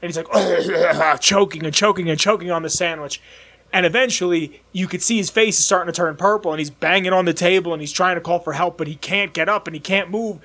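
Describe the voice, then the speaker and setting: A young man with a notably high voice, chatting casually as a co-host. He tells stories in a rambling, excitable way and acts out the characters as he goes. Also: quick pace. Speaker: podcast co-host. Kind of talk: casual chat, animated storytelling.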